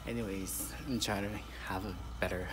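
A man's voice: on the low side, steady tone, normal speed, heavy background noise. A man chatting casually to his phone camera as a vlogger, swearing freely. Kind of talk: casual vlog chat.

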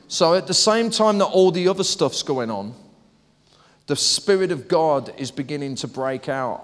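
Man preaching, high voice, animated storytelling, echoey church hall. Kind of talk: lively sermon.

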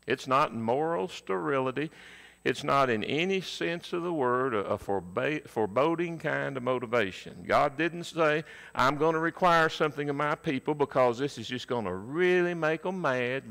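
A man's voice: medium pitch, creaky, a bit bright. A man preaching a sermon in a church, leaning hard on repeated key words for emphasis.

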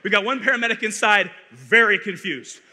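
A man from Arizona, a conference speaker, telling a funny story in a playful, animated way, on a stage microphone in a large hall. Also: sits high, fairly quick. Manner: animated, playful, building comic tension. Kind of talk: comic storytelling talk. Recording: echoey hall reverb.

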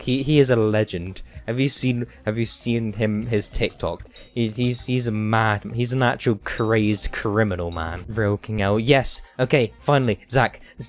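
Man streaming, mock-dramatic whining. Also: on the low side. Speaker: game streamer. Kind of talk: casual live-stream chat while gaming.

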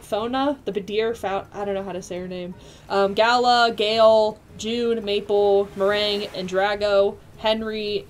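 A young woman live-streaming a video game, excitable and quick to squeal and laugh as she chats with her viewers. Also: mid-range voice, slight background noise.

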